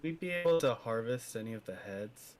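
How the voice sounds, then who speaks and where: A man playing a tabletop role-playing game, talking quietly and casually. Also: mid-range voice, lively intonation, brisk, slight background noise. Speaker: player.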